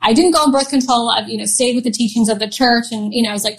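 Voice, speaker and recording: A woman's voice: fairly high pitch, fairly even intonation, quick pace. A woman in her thirties telling a personal story as an interview guest, chatty and often laughing, with many fillers.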